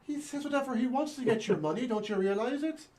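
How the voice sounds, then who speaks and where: A man's voice: very high-pitched, fast, a little mellow, voice pushed up. A man playing a fussy, chatty priest aboard a space station in an improv scene, in a mock Irish accent.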